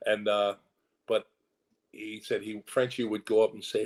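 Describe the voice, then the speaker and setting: Man with a low voice, an actor guest, animated anecdotes, rambling asides, quick impressions of others. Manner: animated storyteller who slips into quoted voices. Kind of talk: candid career interview.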